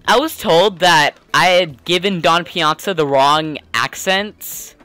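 Chatty, bright-voiced let's-play guy. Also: a little high, slow, clean tone, dry recording. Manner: chatty, rambling, lots of "like" and "uh". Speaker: let's player. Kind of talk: casual gaming commentary.

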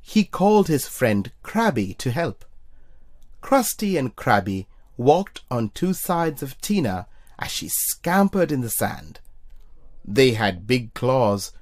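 Slow, lively children's story reader. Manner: expressive, puts on high squeaky voices for characters. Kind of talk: children's storybook read-aloud.

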